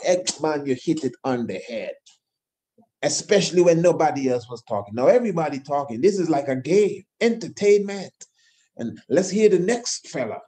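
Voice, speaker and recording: A man's voice: a little high, darkish tone. A man delivering an impassioned monologue, emphatic and repetitive, firing rhetorical questions. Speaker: host of his own channel.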